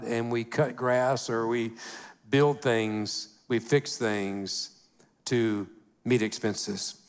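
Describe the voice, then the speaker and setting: A middle-aged man, preaching a conversational sermon in a folksy way, often saying "you know" and slowing down to stress key phrases. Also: mid-range voice. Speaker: pastor.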